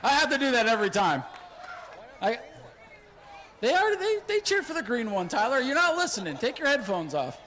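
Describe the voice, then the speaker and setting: Very high-voiced shouting race announcer man. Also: a little fast, long pauses, a little hiss or hum, low-quality recording. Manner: excitable, joking, often shouting. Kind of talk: live race commentary over PA. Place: flag stand at an outdoor speedway.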